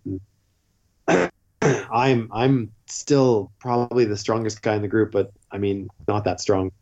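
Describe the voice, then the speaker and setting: A man's voice: fairly low pitch, warm tone, muffled recording. A man guest telling a long story in a casual, rambling way, full of fillers. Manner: rambling, filler-heavy with frequent "like".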